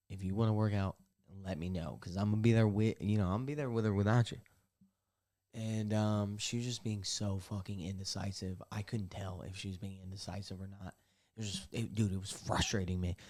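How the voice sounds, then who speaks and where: A man's voice: fairly low pitch, mellow. A young man hosting a casual solo podcast from his bathtub, telling a rambling, profane, self-mocking story. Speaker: podcast host. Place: bathtub at home.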